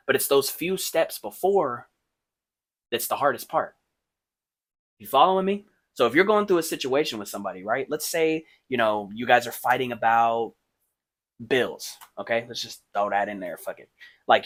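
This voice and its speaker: A man hosts his podcast, rambling through casual motivational advice with plenty of fillers and checks on the listener. He drops to a hush while thinking, then lifts into emphatic points. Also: mid-range voice. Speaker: podcast host.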